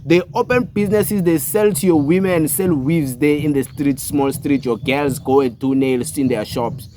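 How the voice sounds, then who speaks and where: A man's voice: mid-range voice, a little mellow. A South African man with a South African accent, ranting in a heated, mocking monologue full of repeated rhetorical questions. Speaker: commentator.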